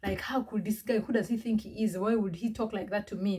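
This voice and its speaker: A woman's voice: mid-range voice, fairly quick, mellow, husky. A woman from Uganda telling a personal story in a chatty, restarting vlog style. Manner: chatty, repetitive, with many restarts and fillers. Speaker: vlogger.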